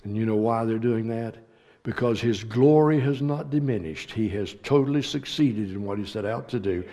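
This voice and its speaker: A man preaching a sermon as pastor, swinging between loud emphatic lines and hushed ones. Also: lowish voice, moderate pace, long reverb tail. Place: church sanctuary.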